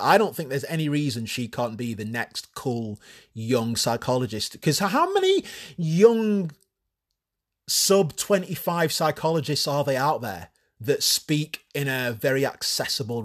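Crude, casual podcast host. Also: male voice, medium pitch. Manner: casual, crude, swears freely, self-mocking. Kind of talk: solo podcast chat.

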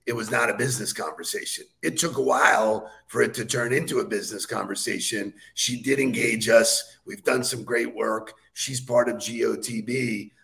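A man's voice: medium pitch, steady tone, normal speed, creaky, few pauses, fairly bright tone. A man co-hosting in casual chat, loose and joking.

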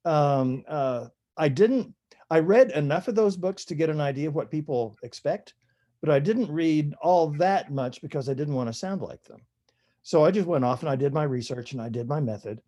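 An older man, an author, telling stories from his career in a relaxed, rambling interview manner with many fillers. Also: fairly high pitch, moderate pace. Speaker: author guest. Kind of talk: conversational interview storytelling.

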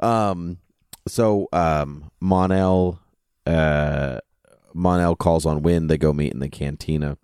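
Deep-voiced man rambling through a TV recap. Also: takes it slowly, darkish tone, smooth, dry recording. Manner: meandering, many ums, dry jokes. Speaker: podcast co-host. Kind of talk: casual TV recap chat.

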